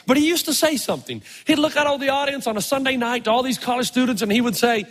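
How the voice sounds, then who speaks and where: A middle-aged man preaching a storytelling sermon as a pastor, animated, dropping to a hush and then rising loud for emphasis. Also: very high voice, fast talker, hardly any pauses. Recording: long reverb in a large hall.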